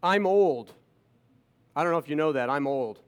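A man's voice: fairly high pitch, animated, moderate pace, clean tone. A man in his fifties telling personal stories to an audience, with sarcastic asides. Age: 50s. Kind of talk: storytelling talk to an audience.

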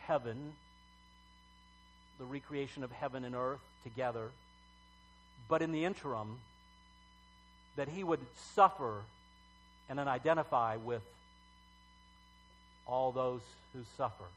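A middle-aged man preaching a sermon as pastor, talking conversationally with halting fillers and emphatic swells. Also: mid-range voice, a little hiss or hum, rough recording.

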